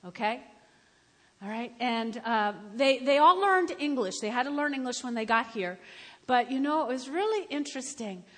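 A woman of about seventy preaching a sermon, telling stories and building to loud, emphatic exhortation. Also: high-pitched, animated, moderate pace. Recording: echoey hall with long reverb.

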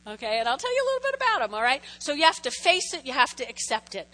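A woman's voice: sits high, sing-song, quick pace, pushed and bright. A woman pastor preaching a sermon in a chatty way, often checking in with her listeners. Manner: chatty, keeps checking in with the audience.

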